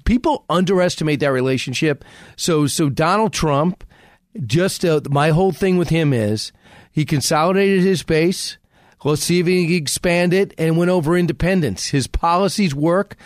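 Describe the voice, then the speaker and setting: A man who is a radio host, speaking as a guest in a fast, emphatic political talk conversation full of restarts. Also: fairly high pitch, no echo, studio quality. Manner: rapid, emphatic, frequent restarts.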